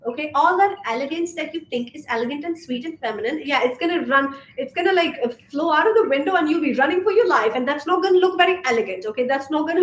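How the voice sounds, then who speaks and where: A woman's voice: high voice, lively intonation, fast talker, hardly any pauses. A young woman from Asia, coaching on femininity in a casual vlog monologue, sassy and emphatic, swearing freely. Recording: roomy echo, faint background hiss.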